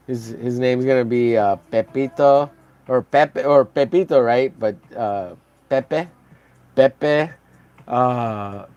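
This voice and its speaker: A man's voice: mid-range voice, takes it slowly, a little mellow, clean tone. Rambling man chatting while he colors. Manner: rambling, many fillers, laughs at his own jokes. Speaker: comic artist streaming while coloring. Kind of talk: casual livestream chat.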